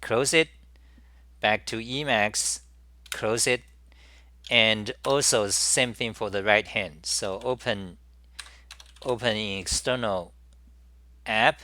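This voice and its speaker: Slow, bright-voiced man demoing software. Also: lowish voice, no echo. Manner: halting, repeats words and restarts while working. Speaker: programming tutorial host. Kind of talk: live screen-recorded software demo.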